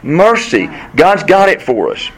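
A man's voice: big pitch swings, rough recording. Emphatic preacher man. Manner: emphatic, rhetorical questions, rising to high bursts; slows for scripture, speeds up in the story. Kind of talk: sermon with storytelling.

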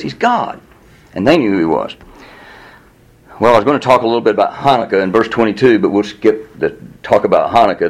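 A man preaching a sermon in a conversational way, acting out the quotes and chatting with the listeners. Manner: animated, acts out quotes with rising pitch; conversational, with laughs and audience asides. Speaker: pastor.

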